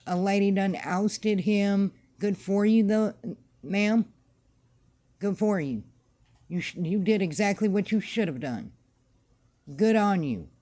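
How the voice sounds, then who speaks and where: Woman vlogger, blunt, repetitive rant delivery, unhurried pace, warm low-key tone. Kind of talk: casual opinion rant to camera.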